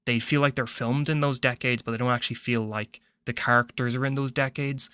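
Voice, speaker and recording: A man's voice: medium pitch, fairly even intonation, brisk, pushed and bright, clear, resonant tone, dry recording. An Irish man giving a casual spoken film review, rambling and opinionated, with frequent restarts.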